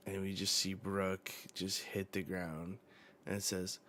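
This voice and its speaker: A man hosting a live manga reaction, reading the panels and dialogue aloud with slow, dramatic emphasis. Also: sits low, little pitch movement, fairly bright tone, slight background noise.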